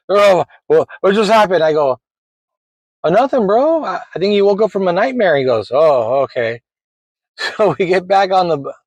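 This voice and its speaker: A man in his forties casually telling a rambling personal story, animated and laughing as he goes. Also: on the high side, dry recording, poor audio.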